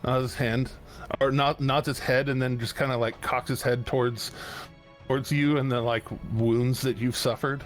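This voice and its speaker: A man narrating as game master of a tabletop game, in a halting way with many restarts. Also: mid-range voice, flat delivery, faint music behind. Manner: halting, full of fillers and restarts.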